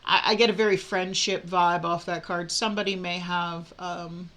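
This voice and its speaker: A woman's voice: lowish voice, fairly even intonation, normal speed, a bit bright. A woman giving a casual tarot reading, talking frankly with many fillers and restarts. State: hiccups. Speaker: tarot reader.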